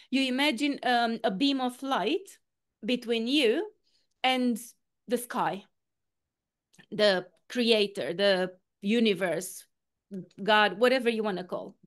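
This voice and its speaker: Woman healer talking folks through a meditation on a video call, kinda high voice, calm step-by-step instructions. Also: a little slow. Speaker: quantum coach and healer, guest speaker. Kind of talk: guided meditation in an online talk.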